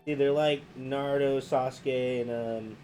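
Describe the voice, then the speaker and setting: A man in a casual chat, laid-back, chiming in with quick reactions and jokes. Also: mid-range voice, level tone, dark tone, soft background music.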